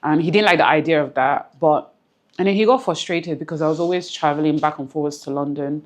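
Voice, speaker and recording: Low-voiced woman speaking earnestly. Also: a little fast. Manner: earnest, reflective, repeats phrases for emphasis; close to tears at times. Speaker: interview guest. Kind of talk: emotional personal interview.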